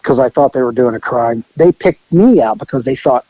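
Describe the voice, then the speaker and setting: A man's voice: mid-range voice, lively intonation, brisk, dark tone, no echo, rough recording. A man telling a story in a casual, wry, laid-back way as a podcast co-host.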